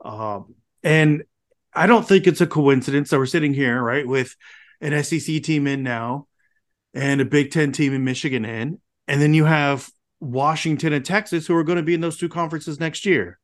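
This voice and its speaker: A man's voice: on the high side, moderate pace. A man co-hosting a sports podcast, ranting angrily and swearing freely. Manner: angry, profane, fired-up ranting. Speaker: podcast co-host. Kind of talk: casual podcast rant.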